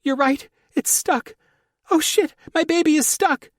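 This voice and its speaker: A male audiobook narrator voicing a frantic, sharp-tongued woman in labor, with a high-pitched, strained squeal. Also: measured pace, no room sound, clean studio sound. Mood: panicked pleading. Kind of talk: audiobook character voice.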